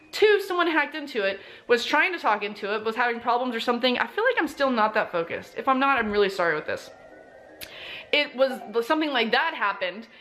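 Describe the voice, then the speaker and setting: Chatty young mom, slightly high voice. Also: female voice, bright, forceful tone. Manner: chatty, rambling, lots of fillers. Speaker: mom vlogger. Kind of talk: casual vlog chat. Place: bedroom, lying in bed.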